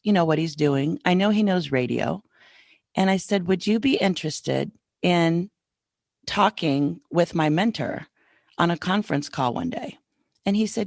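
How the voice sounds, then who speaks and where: Middle-aged lady telling a story, low gravelly voice, dry close sound. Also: dry recording. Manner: chatty, quotes others in lively back-and-forth. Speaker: podcast host. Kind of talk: casual storytelling.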